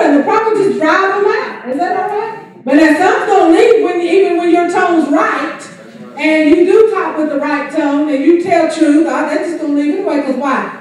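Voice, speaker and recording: A woman's voice: sits high, a little mellow. A woman teaching Sunday school, calling out questions for the congregation to answer. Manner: asks the congregation to fill in words. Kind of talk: church teaching with call-and-response. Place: large church hall. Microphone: room mic far from speaker. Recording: echoey church hall from far off.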